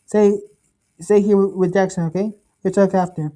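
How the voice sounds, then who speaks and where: A woman voicing a troubled, withdrawn young man who speaks haltingly and repeats his words. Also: mid-range voice, steady tone, mellow, natural voice, rough recording.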